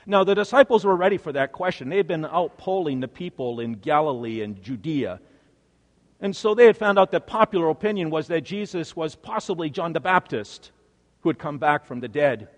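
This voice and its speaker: A male preacher delivering a sermon with dramatic storytelling, swinging from hushed to emphatic. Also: fairly high pitch, lively intonation, fairly quick, long reverb tail.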